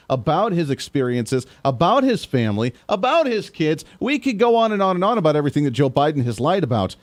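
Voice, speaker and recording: A man's voice: mid-range voice, darkish tone. A male podcast host talking politics on his own show, pressing his points in long, emphatic sentences full of asides. His voice sits in a middle register and sounds dry and close, with no room echo around it. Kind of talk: solo political commentary.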